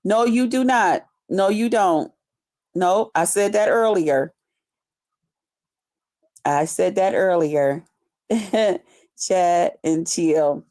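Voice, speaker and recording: A woman hosts a loose, unscripted live stream, chatting with her viewers and reading their comments aloud. She talks in an unhurried, drawn-out way and swears freely. Her laugh breaks in often between remarks. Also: fairly low pitch, darkish tone. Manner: slow-talking, loose, profane, chatty. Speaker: livestream host reading her chat. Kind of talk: casual unscripted live chat.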